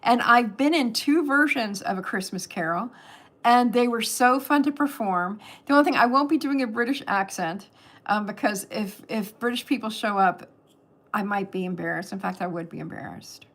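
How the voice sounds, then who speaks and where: A woman's voice: mid-range voice, moderate pace, a bit bright. An older woman from California hosting a casual livestream, chatting in a rambling way and laughing often, into a webcam. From California, USA. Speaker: host of a livestream.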